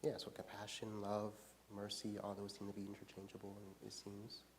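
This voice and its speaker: Man as a Bible study leader, relaxed teaching tone, keeps asking the group "right?". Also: on the low side, normal speed, slight background noise. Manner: casual, often checks in with "right?".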